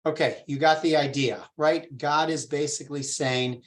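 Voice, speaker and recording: Rabbi leading a relaxed Torah class. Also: mid-range voice, moderate pace, few pauses. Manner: explains patiently, asks the group questions; informal, with fillers and restarts. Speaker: rabbi teaching a text study.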